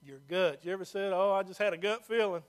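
A man preaching a sermon as pastor, folksy and plain-spoken, dropping to a hush and rising to loud emphasis. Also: sits high, quick pace. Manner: swings from hushed to loud and emphatic.

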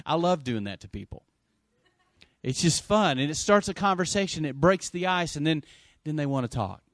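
A man's voice: mid-range voice, animated, normal speed, pauses often, no room sound. Conversational preaching man, dry sound. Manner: conversational, swings between loud emphasis and quiet asides; asks the congregation for amens. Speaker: pastor. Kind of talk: sermon.

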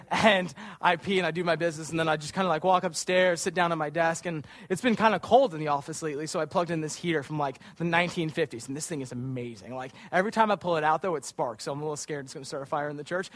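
A man's voice: on the high side, fairly bright tone. A young man in his twenties giving a casual, self-deprecating youth sermon in a church, telling a funny story and acting out the quotes. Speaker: youth pastor.

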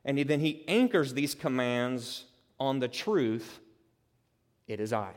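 Preacher in an echoing hall. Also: male voice, mid-range voice, animated, slow pace. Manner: conversational, dramatic, builds to loud emphatic peaks. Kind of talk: expository sermon. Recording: long reverb of a large hall.

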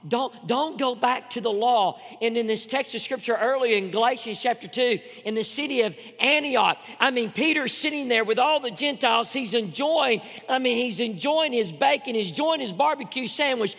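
High, gravelly-voiced man preaching in a hall. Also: moderate pace, few pauses. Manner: emphatic preaching with repetitions, swinging from loud to hushed. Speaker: pastor. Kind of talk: sermon.

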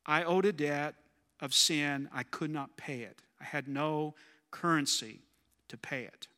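A man delivers a sermon in a slightly high, forceful and bright voice. He talks conversationally and keeps asking the congregation questions. His voice rings with a long hall reverb. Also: unhurried. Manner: conversational, asks the audience questions. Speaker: preacher.

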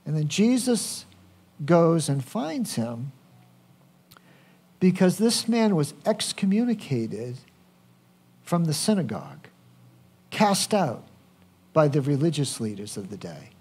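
A man's voice: high-pitched, very animated, takes it slowly, pauses often, darkish tone, husky. A man preaching a sermon, speaking conversationally and asking the congregation questions. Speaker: pastor.

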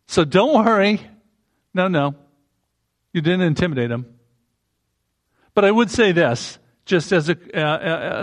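A man preaching a sermon in a conversational way, breaking into emphatic rising bursts. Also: on the high side.

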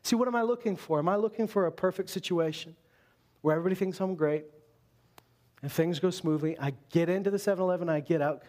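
A male pastor whose voice sits high gives a conversational sermon to his congregation, animated and full of quick asides.

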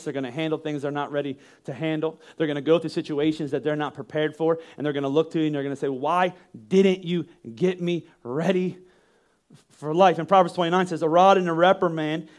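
A man preaching a sermon in an animated way, acting out yelling parents with sudden shouts and often repeating words as he restarts phrases. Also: fairly high pitch. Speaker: pastor.

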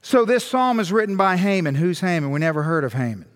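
A male pastor preaching a sermon in an animated way, firing rhetorical questions and repeating words for emphasis. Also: sits high, fast talker. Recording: long hall reverb.

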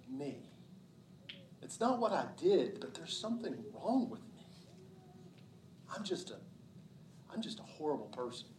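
A man's voice: sits high, roomy sound, distant mic, a little hiss or hum, poor audio. A man preaching a sermon in a church, impassioned and repetitive, acting out people's inner voices. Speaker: pastor. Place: church sanctuary.

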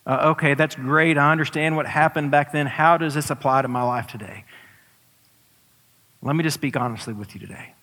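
A male pastor delivering a sermon, his voice sitting a little high for a man. He swells into impassioned, drawn-out pleading, and the sound rings with the long reverb of a large church hall. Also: pushed and bright.

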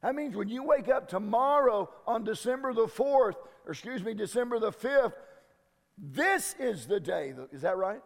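A man's voice: high-pitched, animated, normal speed, vocal fry, long reverb tail. A man pastor preaching a sermon in an emphatic way, often repeating words as he restarts.

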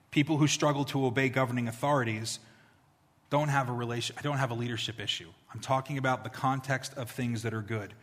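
A man's voice: mid-range voice, fairly bright tone. Preaching man, reverberant hall. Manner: conversational preaching, builds to emphatic points with slow, drawn-out lines. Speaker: pastor. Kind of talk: sermon.

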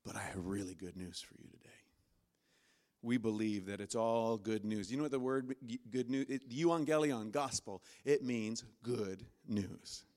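A man preaching a sermon from a church stage, animated and acting out inner voices with sudden loud, high bursts. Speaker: pastor.

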